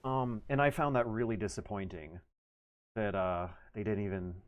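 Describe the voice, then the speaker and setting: A man hosting a livestream, giving casual game-stream commentary in a rambling, think-aloud way with quick laughs. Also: fairly low pitch, muffled recording, a little hiss or hum. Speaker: livestream host.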